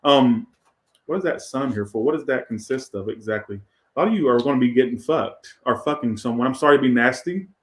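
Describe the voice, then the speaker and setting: A man's voice: medium pitch, a little fast, roomy sound. A man doing a casual tarot reading in a crude, profane, rambling way. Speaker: tarot reader.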